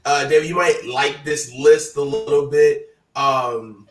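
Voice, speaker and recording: A man hosting a casual sports talk stream, his voice hoarse, talking in a loose, hyped-up, chatty way. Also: a little high, unhurried, roomy sound, far from the mic, music in the background, poor audio. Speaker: host.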